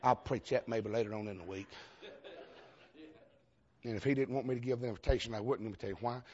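A man's voice: mid-range voice, quick pace, a little mellow, highs cut off. A man with a Southern US accent preaching a fervent revival sermon in a church, repeating himself and calling out to the congregation. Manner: fervent, repetitive, calls out to the congregation.

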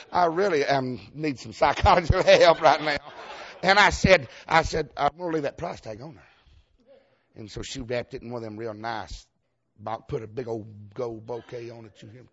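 Southern male Baptist preacher, fairly high voice, folksy storytelling sermon, dull lo-fi sound. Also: a bit bright. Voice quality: folksy, emphatic, laughs often, calls for amens.

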